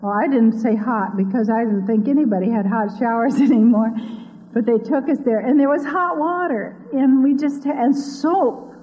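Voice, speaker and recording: A woman's voice: fairly high pitch, normal speed, dark tone. A woman from Iowa gives an earnest, devout personal testimony, telling her story. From Iowa, USA. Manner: earnest, devout, speaks openly of her faith. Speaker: speaker giving a personal testimony. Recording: tinny lo-fi audio with long hall reverb.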